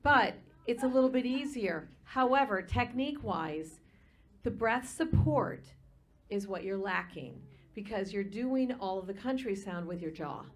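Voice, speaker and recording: A woman voice teacher judging a live singing competition, giving measured, practical technical advice. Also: mid-range voice, expressive. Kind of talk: live judge's critique. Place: live performance venue.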